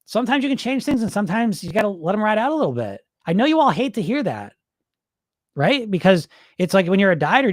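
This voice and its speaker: A man's voice: sits high, sing-song, quick pace, no room sound, studio quality. A middle-aged man, a weight loss coach, talking casually and bluntly to his viewers and swearing freely. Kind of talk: casual direct-to-camera talk.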